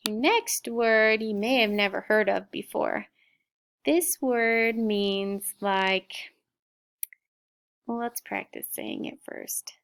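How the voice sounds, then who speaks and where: A middle-aged woman teacher slowly sounding out spelling words and explaining vocabulary in a recorded lesson. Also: on the high side, fairly bright tone. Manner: slow, clear word-by-word sounding out.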